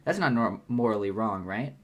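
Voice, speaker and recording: A man's voice: fairly low pitch, lively intonation, moderate pace, natural voice. A man reading the part of an awkward, insecure young man who rambles and stumbles over his words, in a fan read-aloud. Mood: eager. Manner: hesitant, stumbling, self-conscious rambling.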